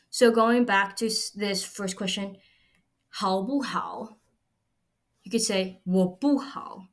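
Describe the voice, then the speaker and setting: A woman's voice: mid-range voice, a bit bright. A woman explaining a recorded language lesson patiently, step by step. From United States. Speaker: Chinese language teacher.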